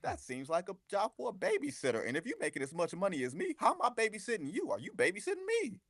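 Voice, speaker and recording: A man talking as a guest basketball reporter on a sports radio show, animated and sarcastic, with strong emphasis. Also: high voice, fast, no room sound, clean studio sound.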